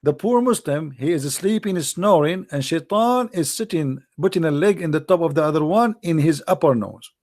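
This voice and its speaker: Gravelly man with a mocking tone. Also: a little high, expressive, normal speed, few pauses, a little mellow, no room sound, clean studio sound. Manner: mocking, theatrical, with mock sneezes and sung lines. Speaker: online religious commentator. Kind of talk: sarcastic monologue.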